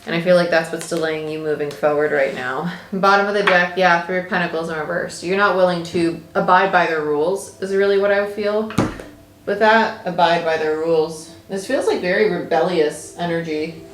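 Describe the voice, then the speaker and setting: A woman's voice: on the low side, fairly even intonation, normal speed, reverberant, slight background noise. A woman tarot reader talking casually and animatedly as she reads her cards, thinking aloud as she goes.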